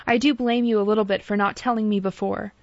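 Sharp-tongued clever young woman, read by a woman narrator, audiobook, dull dry sound. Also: mid-range voice, steady tone, dry recording, natural voice. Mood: reproachful. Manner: quick, cutting, learned. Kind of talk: audiobook character reading.

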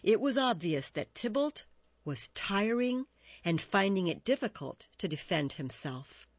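A woman reads a children's story aloud, slow and measured with a lively, rising and falling voice. Her pitch sits a little low. The sound is dry and slightly dull. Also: no room sound. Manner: expressive, measured. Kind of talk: storybook narration.

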